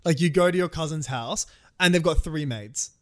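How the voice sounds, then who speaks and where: A man's voice: fairly high pitch, moderate pace. A young man from Australia co-hosting a casual podcast chat, swearing freely and often laughing. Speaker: podcast co-host.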